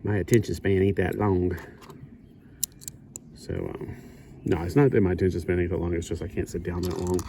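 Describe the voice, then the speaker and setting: A man's voice: low-pitched, fairly even intonation, normal speed, pauses often, dark tone, a little hiss or hum. A middle-aged man chatting casually while he builds a kit, rambling and correcting himself. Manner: rambling, self-correcting, chuckling asides. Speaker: hobby builder. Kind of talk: casual build-along chat.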